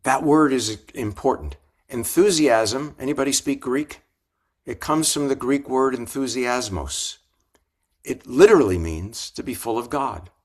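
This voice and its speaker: An older rabbi speaks in a measured, mid-pitched voice, weaving reflective anecdotes into an interview. He restarts phrases now and then and slips in dry, gentle humor. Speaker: rabbi and author. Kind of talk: storytelling in an interview.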